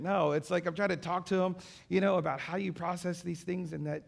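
A man's voice: high voice, steady tone, fast, creaky, few pauses. A man, a pastor and father, giving a sermon in a conversational way, with many fillers and repeated phrases.

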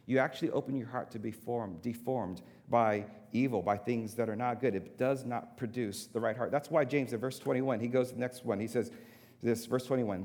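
A male pastor delivers a sermon at a mid pitch in a hall with a long, ringing reverb. He leans on repeated words for emphasis and drops into casual, chatty asides to his listeners. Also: normal speed, darkish tone. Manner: emphatic repetition, conversational asides to congregation.

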